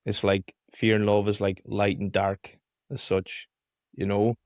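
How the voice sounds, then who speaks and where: A male podcast host speaks in a low, unhurried voice, feeling his way through his thoughts with pauses and fillers. The sound is dry and close, with no room around it. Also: flat delivery, no echo. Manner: thoughtful, hesitant, uses fillers. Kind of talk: casual conversation.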